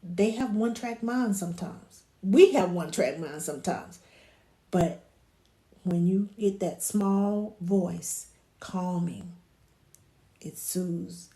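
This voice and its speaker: A woman talking casually as a childcare provider, giving advice on soothing babies and dropping to a hushed, soothing voice when she quotes herself talking to them. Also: lowish voice, slow. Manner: drops to a hushed soothing voice for baby talk. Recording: echoey room.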